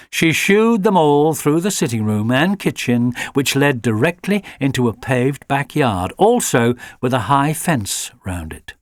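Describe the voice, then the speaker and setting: A man giving an expressive audiobook reading of a children's story. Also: medium pitch, measured pace, hardly any pauses, no echo, studio quality. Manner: lively and expressive. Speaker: audiobook narrator.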